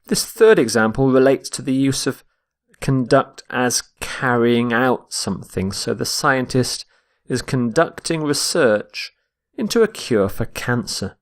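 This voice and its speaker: Slow, deliberate male English teacher. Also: mid-range voice. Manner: slow and deliberate, models pronunciation. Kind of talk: vocabulary lesson.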